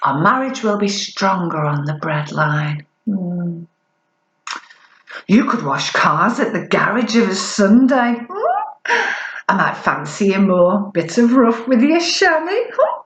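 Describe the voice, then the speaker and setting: A woman's voice: mid-range voice, very animated, takes it slowly, roomy sound, muffled recording. A woman voicing a glib young royal wife, talking in a chirpy, mock-upbeat, teasing way. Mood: mock-cheerful.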